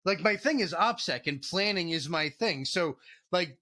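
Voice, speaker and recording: A man sits in as a guest on an interview podcast, telling stories in a loose, rambling way, heavy on fillers and swearing. His voice sits a bit high for a man and comes across bright and forceful. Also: animated, moderate pace. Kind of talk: casual storytelling in an interview.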